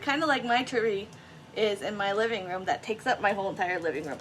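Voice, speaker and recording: A woman's voice: medium pitch, normal speed, fairly bright tone, slight background noise. A woman chatting through a craft tutorial, self-deprecating and talking straight to her viewers. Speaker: craft vlogger.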